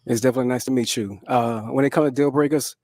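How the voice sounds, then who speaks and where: A man answers dating show questions in an easy, laid-back way. His voice sits mid pitch and sounds dry and close, and he keeps tacking "right?" onto his sentences. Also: steady tone, fast talker, a little mellow, no room sound. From New Orleans. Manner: laid-back, adds "right?" and "okay?" often.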